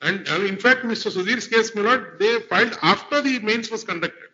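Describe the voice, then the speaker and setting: Formal and deferential, a man advocates before a court, constantly addressing the bench and repeating "my lord" often. His voice sits high and sounds pushed and bright, at normal speed. The courtroom recording is dull and lo-fi.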